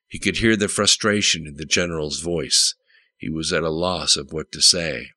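A man narrating a political thriller audiobook in a steady, measured way. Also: very deep voice, no room sound. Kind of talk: scripted narration.

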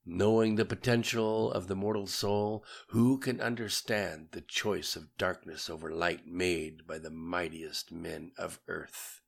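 Deep, gravelly male narrator. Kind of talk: audiobook narration.

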